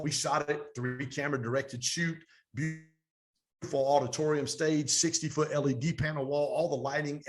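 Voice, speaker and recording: A middle-aged man, a business coach and guest on an interview show, telling stories with energy and acting out the quoted talk of others. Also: mid-range voice. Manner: energetic, fast storytelling with animated quoted dialogue. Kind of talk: storytelling interview.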